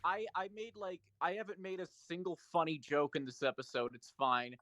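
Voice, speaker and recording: A man's voice: fairly high pitch, animated, brisk, pushed and bright. A man chatting casually about voicing characters in a story reading, self-deprecating and talkative. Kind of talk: casual chat.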